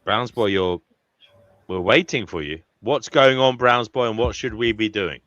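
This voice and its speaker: A man's voice: fairly low pitch, unhurried, a bit bright, no room sound, highs cut off. A man hosting a live online group discussion, friendly and given to repeating names and phrases. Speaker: host.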